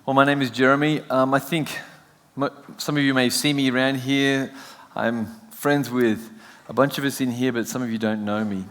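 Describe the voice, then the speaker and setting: A man's voice: mid-range voice, steady tone, moderate pace, few pauses, a bit bright. An Australian man giving a chatty, joking sermon as a guest preacher. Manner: chatty, self-joking, laughs often. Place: church sanctuary. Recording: long church hall reverb.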